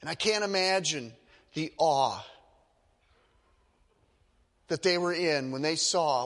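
A man's voice: fairly high pitch, animated, slow pace, pauses often, fairly bright tone, in a large hall. A male pastor preaching a sermon with emphatic, dramatic storytelling.

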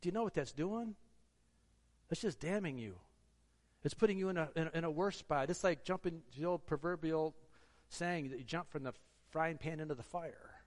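A man's voice: on the high side, moderate pace. A man preaching a sermon, earnest and exhorting, asking the congregation rhetorical questions. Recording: long hall reverb.

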